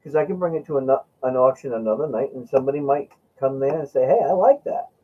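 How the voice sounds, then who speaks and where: Husky man telling rambling stories. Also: medium pitch, quick pace. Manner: rambling, laughing, acts out friend's lines. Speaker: host. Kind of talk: casual storytelling chat. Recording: dull lo-fi sound.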